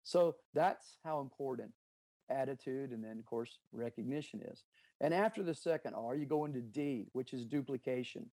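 A man's voice: mid-range voice, normal speed, mellow, dry recording. A middle-aged man, a business owner, telling leadership stories in an interview, earnest and emphatic. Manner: earnest, emphatic, anecdotal with quoted dialogue. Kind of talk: interview, storytelling about leadership.

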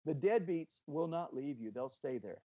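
At a moderate pace, a middle-aged business owner shares leadership stories in an interview, his animated, mellow voice pitched on the high side. The recording is dry, and his anecdotes are earnest and emphatic, with quoted dialogue.

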